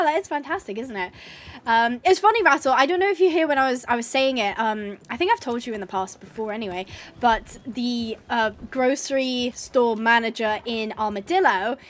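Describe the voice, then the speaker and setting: Giggly high-voiced woman streamer. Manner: chatty, giggly, rambling. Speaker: gaming streamer. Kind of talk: casual chat while playing.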